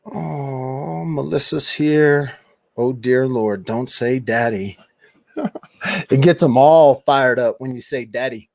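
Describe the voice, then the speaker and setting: A man's voice: medium pitch, takes it slowly, gravelly, darkish tone, no echo, clean studio sound. A middle-aged man hosting a casual late-night livestream from home, reading out viewers' chat comments and teasing them back. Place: home room at a computer.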